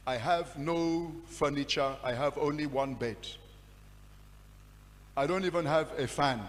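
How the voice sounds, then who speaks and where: A man with a Nigerian English accent, preaching and telling his story with impassioned swings between hushed and loud delivery. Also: medium pitch, big-room sound. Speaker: pastor. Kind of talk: sermon storytelling.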